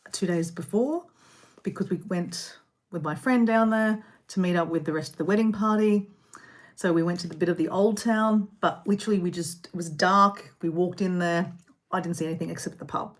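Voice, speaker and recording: A woman hosting a casual live stream, rambling and chatting while eating snacks indoors. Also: medium pitch. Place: indoor room.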